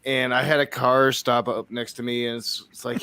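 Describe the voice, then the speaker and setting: A man from Michigan in a casual chat, talking in halting restarts and ranting earnestly. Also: medium pitch, sharp tone, no echo. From Michigan, United States.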